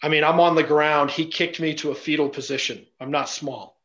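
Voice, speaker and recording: A man's voice: on the high side, steady tone, brisk, a bit bright, highs cut off. A man telling stories as an interview guest in a blunt, casual way, swearing freely and leaning on fillers. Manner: blunt and profane, with frequent fillers. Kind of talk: casual storytelling.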